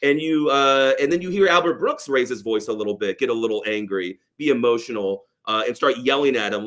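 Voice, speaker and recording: Podcast guy chatting about a movie, mid pitch, gets animated doing the lines. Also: brisk. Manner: animated, acts out quoted lines with a raised voice. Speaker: podcast co-host. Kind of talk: casual movie review chat.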